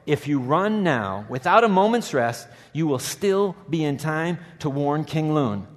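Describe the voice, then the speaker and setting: Stern old hermit, commanding, a preacher reading it aloud, long church reverb. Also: male voice, on the high side, expressive, unhurried.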